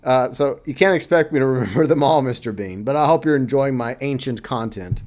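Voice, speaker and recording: Talking a little fast with few pauses, this livestream host has a medium-pitched, darkish voice. He keeps the chat relaxed and chatty, reading out comments from viewers and adding playful side remarks.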